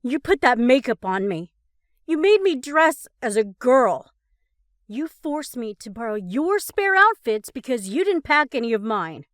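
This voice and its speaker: A hot-tempered young man, played by a woman in an audio story, barking and snapping. The voice runs high, lively and loud, with a dry, close sound. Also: measured pace, dry recording. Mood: furious. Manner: cross, barking, yelling.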